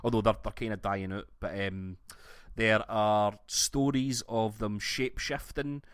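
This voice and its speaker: A man's voice: fairly low pitch, unhurried, clean tone, no echo. Scottish man in a dry, close room. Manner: sweary, animated storytelling with laughs. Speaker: podcast co-host. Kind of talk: casual chat.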